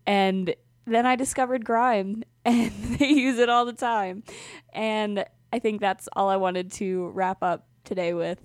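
A woman's voice: mid-range voice, steady tone, measured pace, dry recording, studio quality. A young woman co-hosting a music podcast, chatting casually and enthusiastically with frequent ums and laughs. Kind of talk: casual music review chat.

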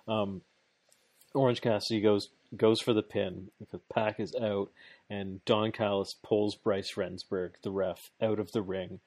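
Excited man recapping in a dry room. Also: lowish voice, measured pace, no room sound. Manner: excited, laughs often, rambling play-by-play with restarts. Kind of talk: casual chat recapping a wrestling match.

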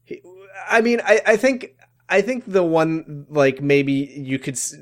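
A man co-hosting a casual recap chat, animated, laughing often and swearing casually. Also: a little high, unhurried. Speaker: podcast co-host.

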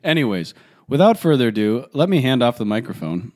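A young man from Colorado, co-hosting a podcast in casual chat, animated and self-mocking, laughing often as he tells stories. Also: mid-range voice, a little fast. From Colorado, USA. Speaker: podcast co-host.

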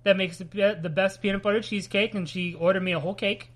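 A man's voice: high voice, steady tone, fast, a bit bright. A man from New Jersey hosting a podcast, chatting casually with crude, profane jokes. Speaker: podcast host.

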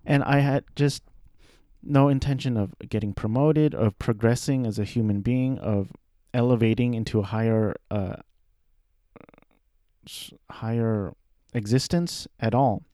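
A man in his thirties talking casually about his life, rambling and self-deprecating, with halting restarts. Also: mid-range voice, warm tone, no echo, studio quality. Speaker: aspiring voice actor. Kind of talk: casual personal monologue.

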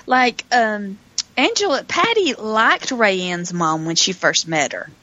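A woman's voice: mid-range voice, sing-song, slow, sharp tone. A woman co-hosting a casual podcast, checking her notes and thinking aloud as she talks. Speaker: podcast co-host. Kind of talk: casual chat. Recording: slightly dull, muffled mic.

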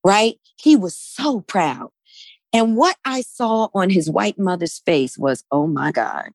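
A woman's voice: medium pitch, expressive, takes it slowly, darkish tone, no echo. A woman talks through her points in an emphatic, conversational way. Her voice sits in an ordinary middle register. She often tags her sentences with "right?", and the recording sounds close and dry. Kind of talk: conversational discussion.

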